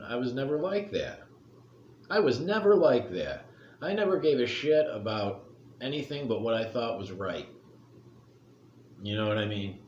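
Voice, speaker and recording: A man's voice: fairly low pitch, a little hiss or hum. Blunt, rambling middle-aged man in an echoey room. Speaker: commentary vlogger. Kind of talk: casual opinion rant.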